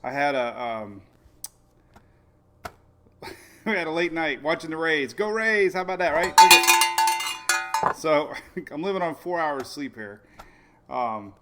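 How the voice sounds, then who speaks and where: A middle-aged man hosting a casual weather livestream, rambling excitedly and laughing often. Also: on the high side, takes it slowly, pauses often, very noisy. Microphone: phone or webcam on a live video stream.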